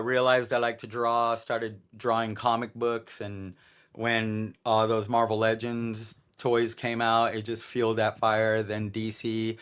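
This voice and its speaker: A man, chatting as a guest and telling animated stories. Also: fairly low pitch, smooth. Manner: animated storyteller, swears casually. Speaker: guest toy customizer. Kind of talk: casual chat.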